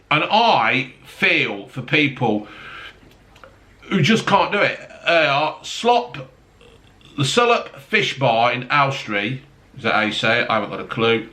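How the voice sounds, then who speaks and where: A man's voice: medium pitch, bright, forceful tone. A man ranting angrily in casual chat, swearing as he talks to camera. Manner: angry, sweary rant. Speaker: vlogger.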